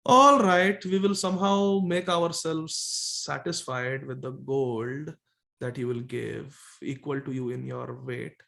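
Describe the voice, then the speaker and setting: A man's voice: mid-range voice, steady tone, takes it slowly, vocal fry, pushed and bright, pitched below the performer's own voice, heavily acted. A man voicing greedy male temple priests who wheedle and scheme over gold. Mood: wheedling.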